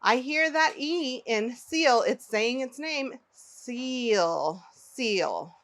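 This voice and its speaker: A woman teaching phonics to young children, pronouncing each word slowly and clearly and inviting the listener to repeat it. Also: sits high, lively intonation, fairly bright tone. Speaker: early-learning teacher.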